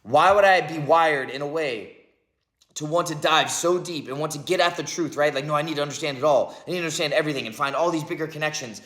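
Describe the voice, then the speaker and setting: A man's voice: a little high, fast, fairly bright tone. A man in his thirties talks through a rambling, reflective spiritual monologue, filling it with "like" and "right?" and swearing often. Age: 30s. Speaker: vlogger. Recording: echoey room.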